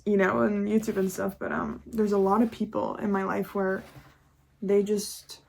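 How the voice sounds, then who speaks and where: A woman's voice: mid-range voice, darkish tone. A young woman talking candidly in a casual confessional vlog, chatty and full of swearing and laughter. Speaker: YouTuber.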